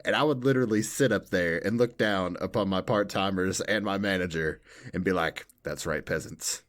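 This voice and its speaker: A man co-hosting a podcast in casual chat, from the Southern United States, telling stories in an animated way and laughing often. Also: low-pitched, fairly quick. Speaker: podcast co-host.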